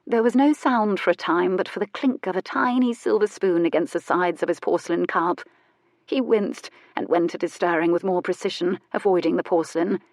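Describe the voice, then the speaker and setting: Low-voiced woman narrating an audiobook. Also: brisk, no echo, studio quality.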